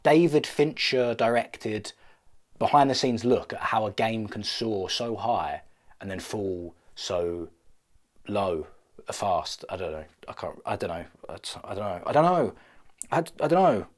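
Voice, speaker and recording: Playful, rambling young man. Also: medium pitch. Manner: playful, rambling and self-mocking. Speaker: vlogger. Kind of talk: comedic vlog rambling.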